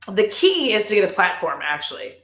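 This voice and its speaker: A woman chatting casually and rambling on a live stream, swearing freely and animated. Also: medium pitch, fairly quick, echoey room. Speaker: guest on a live chat stream. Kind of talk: casual chat.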